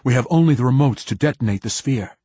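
A man voicing an urgent male admiral in an audiobook, pressing for quick action. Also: mid-range voice, expressive, mellow, slightly rough, no echo.

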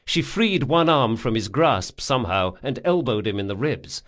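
A man's voice: medium pitch, sing-song, moderate pace, fairly bright tone. A man narrating an audiobook, reading with dramatic expression. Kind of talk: scripted narration.

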